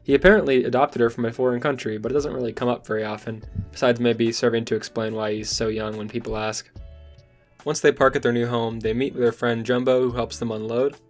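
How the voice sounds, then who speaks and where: A man's voice: mid-range voice, flat delivery, fairly quick, soft background music. Young man gushing over a manga. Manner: enthusiastic, conversational recap. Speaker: manga reviewer. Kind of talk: casual manga review vlog.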